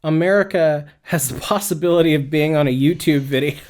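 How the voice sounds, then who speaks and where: A man's voice: on the high side, fairly quick, a little mellow. A man hosting a casual podcast, chatting with wry, teasing comebacks. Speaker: podcast host. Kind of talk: casual chat.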